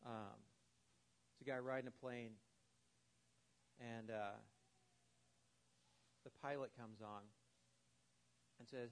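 A man's voice: medium pitch, fairly even intonation, takes it slowly, long pauses. A man giving a sermon, telling a story loosely with many fillers, then closing with an earnest prayer. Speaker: preacher.

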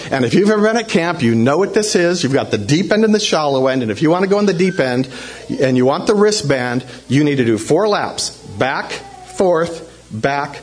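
A man with a fairly high voice tells a personal story to a congregation. He is animated and acts out shouts in a raised voice. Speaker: church speaker telling a testimony.

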